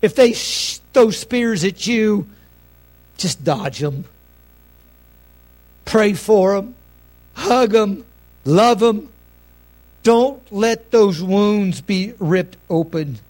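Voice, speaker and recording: A middle-aged male pastor delivers a folksy sermon in a notably high voice. He swings between raised, emphatic lines and quiet, hushed asides. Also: animated, drawn-out words, long pauses.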